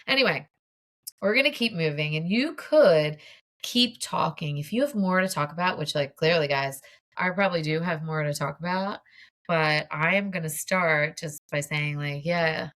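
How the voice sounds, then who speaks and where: A woman's voice: low-pitched, expressive, normal speed, fairly bright tone. A woman in her forties, a mindset coach, casually talking viewers through a tapping exercise in a chatty, open way. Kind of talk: guided tapping demonstration.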